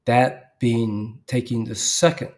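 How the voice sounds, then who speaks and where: Slow methodical guy teaching, keeps clearing his throat, spells stuff out. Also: mid-range voice, little pitch movement, darkish tone. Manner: methodical, pauses to spell out letters; often clears throat mid-sentence. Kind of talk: verse-by-verse teaching.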